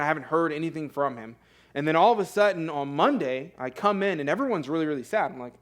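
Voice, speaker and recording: A young male pastor delivers a sermon in a church sanctuary. His voice sits a little high, and he speaks in an earnest, conversational way, full of fillers and quick self-corrections. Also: lively intonation, a bit bright.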